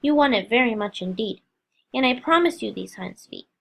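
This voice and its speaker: A woman voicing a kind, cheerful male shepherd who speaks with gentle reassurance in a storybook reading. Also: fairly high pitch, animated, moderate pace, vocal fry, heavily acted. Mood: cheery.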